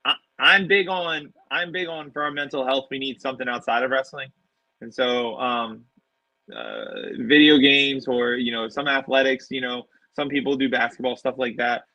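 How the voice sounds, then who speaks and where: A man's voice: mid-range voice, lively intonation, normal speed, pushed and bright, dry recording, highs cut off. A man, a professional wrestler, telling stories in a casual interview, acting out quotes with animation.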